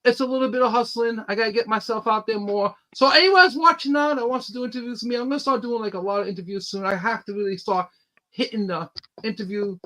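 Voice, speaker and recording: Eager, rambling man, high and bright. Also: fast talker, poor audio. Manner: eager, rambling storytelling with many fillers. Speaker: independent comic book creator, guest. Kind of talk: casual podcast chat.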